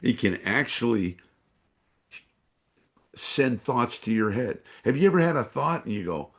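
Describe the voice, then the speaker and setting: A man's voice: medium pitch, lively intonation, normal speed, gravelly. A man from San Francisco, a podcast guest and energy awareness trainer, rambling with many fillers as he acts out voices in his stories. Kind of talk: podcast interview storytelling.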